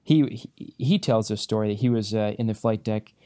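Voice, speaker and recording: A male airline pilot hosts his podcast from a hotel room. His voice is low and mellow. He tells stories in a loose, good-humored ramble, often restarting his sentences. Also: moderate pace, dry recording, studio quality. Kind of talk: casual podcast storytelling.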